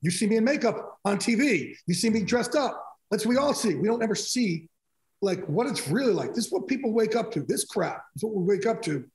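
A middle-aged man with a high-pitched, fairly quick voice is a sports broadcaster guest in a casual interview. He tells animated stories and re-enacts conversations in quotes, recorded in an echoey room.

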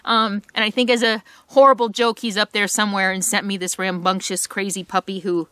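A woman's voice: medium pitch, little pitch movement, brisk, clear, resonant tone, no room sound. Chatty woman vlogger, dry close sound. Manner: chatty, warm baby talk to a puppy, laughs often. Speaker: full-time RV vlogger. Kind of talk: casual vlog talk. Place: inside an RV.

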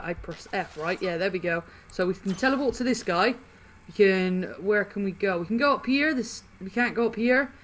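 A woman hosting a gaming channel, chatting excitedly through casual gameplay commentary and laughing often. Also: mid-range voice.

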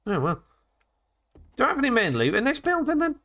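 A man's voice: a little high, sing-song, a little fast, fairly bright tone, slight background noise. A man hosting a let's play video, chatting and joking his way through a game and talking to the characters. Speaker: gaming channel host.

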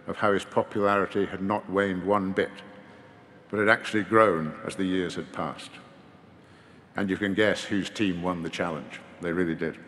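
A man delivering a formal memorial eulogy in a measured, gently wry manner at a podium microphone. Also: low-pitched. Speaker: eulogy speaker. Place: large hall at a memorial service. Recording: long reverb of a large hall.

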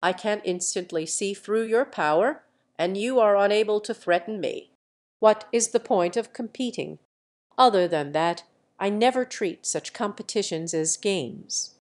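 Woman voicing a cocky young guy warrior in a web novel audiobook, calm and preachy, same mid voice. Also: mid-range voice, a little slow, natural voice. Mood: lecturing. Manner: calm, lecturing, self-assured. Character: brash, easygoing young male martial hero.

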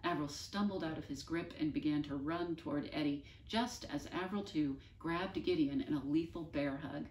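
A woman reading a children's book aloud in an expressive, unhurried way. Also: deep voice. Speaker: storyteller. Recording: roomy, distant mic.

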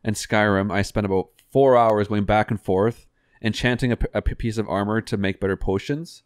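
A man's voice: fairly low pitch, fairly even intonation, brisk, clean tone, dry recording, clean studio sound. A man in casual podcast chat, throwing in playful remarks and questions. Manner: playful interjections, asks the group questions. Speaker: podcast co-host.

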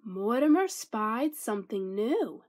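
A woman reading a children's picture book aloud with an expressive, lilting storytelling manner. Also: a little high, slow pace.

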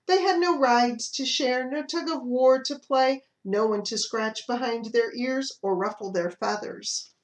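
Slow, expressive storytime librarian woman. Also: fairly high pitch. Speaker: children's librarian. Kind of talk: reading picture books aloud to toddlers.

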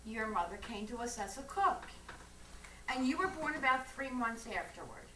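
A woman's voice: on the high side, animated, moderate pace, pushed and bright, far from the mic. A woman on stage playing a sweet, fussy elderly spinster aunt, recorded from afar in an echoey hall with light noise. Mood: sweet, doting. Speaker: stage actor. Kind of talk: amateur stage play.

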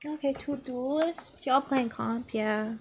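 Young woman, high voice, unhurried, playful live-stream chat, swears freely. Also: a little hiss or hum. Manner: scolds and coaxes her pet between rounds. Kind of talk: casual live-stream chat while gaming.

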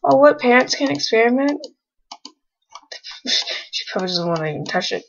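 A woman's voice: fairly high pitch, expressive, normal speed, vocal fry, pauses often, muffled recording. Chatty young woman narrating her gameplay. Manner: chatty, talks to the game characters, teasing. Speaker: let's play gamer. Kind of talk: casual game commentary.

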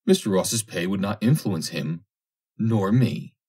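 A man's voice: lowish voice, expressive, measured pace, warm tone, husky. A man reading aloud, voicing a proud young woman who coolly rejects a suitor. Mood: indignant. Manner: cool, formal and reproachful.

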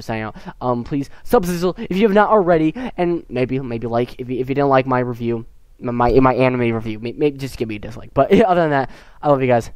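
A man's voice: medium pitch, clear, resonant tone, dry recording. An American teenage boy casually reviewing a short film, rambling and giggling, with lots of fillers and restarts. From United States. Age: teens. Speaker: gaming YouTuber.

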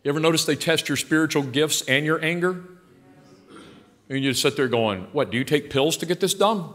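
An older male pastor preaching a blunt, folksy sermon. He swings from quiet asides to loud, passionate outbursts. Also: a little high, fairly quick. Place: large church sanctuary. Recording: long hall reverb in a church.

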